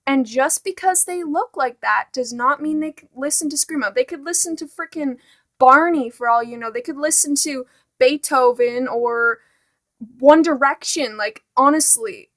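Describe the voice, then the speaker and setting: An exasperated teen girl vlogger rants casually to camera, full of "like" and "honestly." Her voice sits high with a fairly bright tone and a moderate pace.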